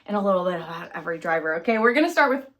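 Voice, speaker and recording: This vlogger's voice is fairly low-pitched yet fairly bright, expressive and rapid-fire. Chatting casually to camera, she's scattered and hard on herself, regularly losing her thread with lots of fillers and restarts.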